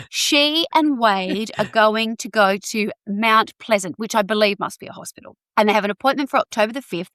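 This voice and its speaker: Woman podcast host telling a crime story, chatty and animated, mid pitch, dry close sound. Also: dry recording. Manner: chatty, animated, many asides. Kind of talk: casual true-crime storytelling.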